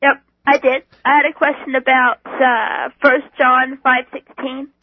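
A woman's voice: high voice, little pitch movement, a little slow. A woman calling in to a show, asking a Bible question hesitantly with many fillers. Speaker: caller. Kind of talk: phone call-in question. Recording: tinny phone line.

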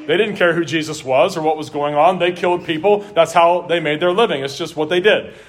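Earnest preaching man, slightly high voice. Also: fairly quick. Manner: earnest preaching, varies pace and volume for emphasis. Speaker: pastor. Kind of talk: sermon.

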